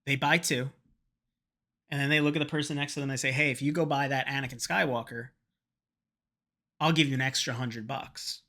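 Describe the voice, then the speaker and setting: A man's voice: medium pitch, fairly even intonation, fairly quick, pauses often, bright, forceful tone. A man vlogging, telling a rambling, profane story in a casual chat to camera and slipping into quoted voices.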